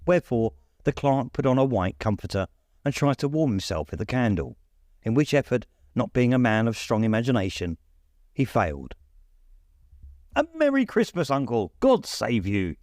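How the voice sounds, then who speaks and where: Animated male audiobook narrator. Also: medium pitch, normal speed, no room sound, clean studio sound. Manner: animated storyteller. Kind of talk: expressive scripted narration.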